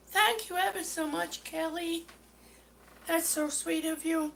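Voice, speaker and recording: A middle-aged woman with a very high, bright, sharp voice, talking on a live stream. She is out of breath and exasperated, rambling through her story and stopping to greet viewers by name. Faint noise sits behind her. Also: steady tone, takes it slowly, vocal fry. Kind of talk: casual live stream rant.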